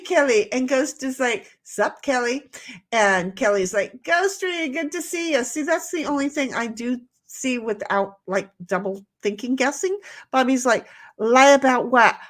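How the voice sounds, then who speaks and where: While painting on a casual livestream, a woman with a mid-range voice reads chat messages aloud in playful voices. She rambles a lot and keeps restarting her sentences.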